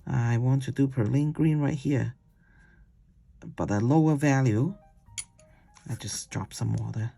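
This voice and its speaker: Soft music plays behind a watercolor instructor's casual, rambling painting demo, where each step is gently coaxed along and ends with "okay?" The voice is mid-range and creaky, a little slow, with long pauses.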